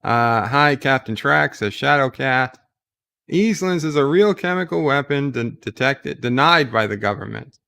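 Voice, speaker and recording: A man's voice: medium pitch, animated, a little slow, creaky, pushed and bright, clear, resonant tone. A man hosting a casual livestream at home, reading viewer messages aloud and answering with rambling jokes. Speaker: livestream host.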